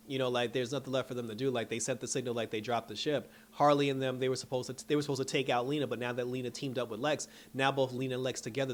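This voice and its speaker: Animated man recapping a show. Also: mid-range voice. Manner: animated storytelling, acts out characters' lines, laughs often. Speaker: show reviewer. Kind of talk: casual episode recap.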